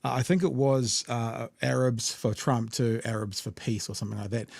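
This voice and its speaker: A man's voice: mid-range voice, steady tone, normal speed, gravelly, a little mellow, no echo, studio quality. Blunt sweary New Zealand man. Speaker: podcast host. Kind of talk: casual political commentary.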